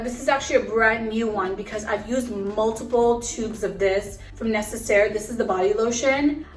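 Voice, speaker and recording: Young woman, out of breath, chatty vlogger, higher voice, roomy echo, phone held away, faint music. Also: recorded from a distance. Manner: chatty, upbeat, many fillers. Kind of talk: casual chat to a phone camera. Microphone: phone camera.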